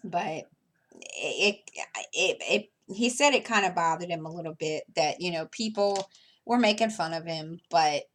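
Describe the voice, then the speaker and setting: Slow, rambling woman vlogging while crafting. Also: on the low side, expressive. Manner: rambling, hesitant, many fillers and restarts; chuckles between thoughts. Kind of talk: casual chat while crafting.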